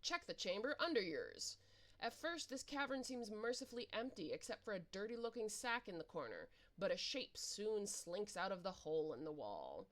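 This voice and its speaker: A woman's voice: mid-range voice, normal speed. Playful woman narrating a webcomic aloud. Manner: animated, playful, reacting with laughs. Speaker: reader and narrator. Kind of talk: playing through a webcomic aloud, informal.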